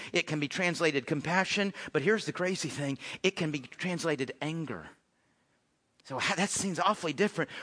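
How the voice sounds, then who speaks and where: Guy preaching, high-ish voice, goes loud then quiet, echoey church. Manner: conversational preaching, swings from loud to hushed. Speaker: pastor. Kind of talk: sermon.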